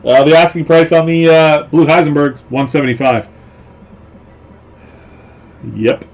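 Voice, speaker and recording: A man's voice: fairly high pitch, a little slow, darkish tone, lo-fi sound, faint music behind. A man hosting a casual live stream, rambling along with lots of fillers and repeated phrases. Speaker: host.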